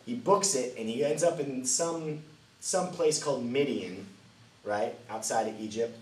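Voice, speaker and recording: A man teaching a children's Bible lesson as a lively storyteller, swinging between loud and hushed delivery. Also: mid-range voice, a little slow. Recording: roomy, distant mic, faint ambient noise.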